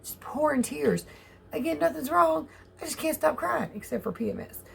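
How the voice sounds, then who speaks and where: Gravelly Southern woman vlogging casually. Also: sits high, very animated, normal speed, a bit bright, slight background noise. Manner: chatty, candid, laughs often, swears casually. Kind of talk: casual rambling vlog chat.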